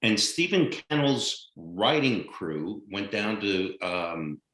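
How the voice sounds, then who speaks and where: An older American man tells career stories with animated, blunt energy and a few curse words. His voice sits fairly low. The sound carries a noticeable room echo. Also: takes it slowly. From United States. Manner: animated anecdotal storyteller, blunt and profane. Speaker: guest actor. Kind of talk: casual storytelling interview.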